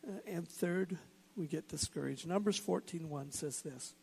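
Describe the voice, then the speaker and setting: A man's voice: fairly high pitch, measured pace, vocal fry, a little mellow, breathy edge. A man preaching a sermon as a pastor, earnest and building to emphatic points.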